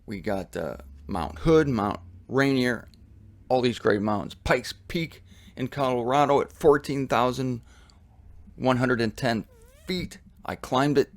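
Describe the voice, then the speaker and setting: Man, american, casual bible teaching, lively asides, dry close mic. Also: mid-range voice, measured pace, dry recording. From United States. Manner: casual and animated, with asides and chuckles. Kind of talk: conversational Bible study teaching. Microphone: studio mic with headphones.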